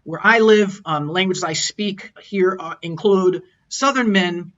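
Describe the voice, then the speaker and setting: A man's voice: high voice, a little slow, fairly bright tone. A man teaching an online lesson over slides, explaining patiently and sounding out tones as examples. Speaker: language teacher. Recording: dull lo-fi audio.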